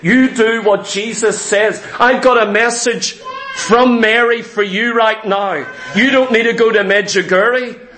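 High-pitched emphatic male preacher. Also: fairly even intonation, a little slow, sharp tone, faint music behind. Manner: emphatic, repetitive preaching with rhetorical questions. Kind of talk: sermon. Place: church hall. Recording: roomy echo.

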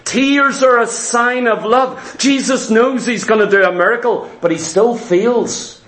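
High-voiced man preaching fervently. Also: reverberant. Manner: fervent, rhetorical questions to the congregation. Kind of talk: sermon. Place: church.

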